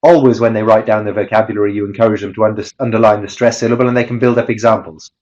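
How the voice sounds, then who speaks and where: A man's voice: fairly low pitch, steady tone, rapid-fire, a little mellow, muffled recording. A man giving an online webinar presentation on teaching pronunciation, explaining step by step and chanting rhythm drills.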